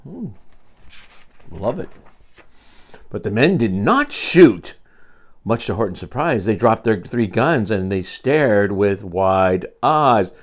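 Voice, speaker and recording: An older man reading a picture book aloud to his grandchildren, expressive, with quiet asides to the children. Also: fairly low pitch, slow, pauses often. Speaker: storyteller.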